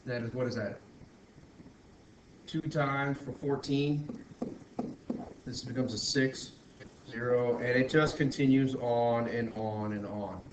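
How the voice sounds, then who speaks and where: A man's voice: medium pitch, lo-fi sound. A male math teacher talking through a screen-recorded lesson, working step by step with frequent restarts and self-corrections. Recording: roomy echo, faint background noise.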